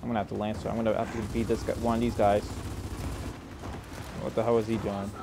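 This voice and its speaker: A young man giving live commentary over his own gameplay, grumbling, swearing at teammates and putting himself down, with mumbled asides that break into sudden shouts. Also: on the low side, little pitch movement, fast, gravelly, background noise. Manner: frustrated, self-deprecating, swears and mutters at teammates. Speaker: gaming YouTuber.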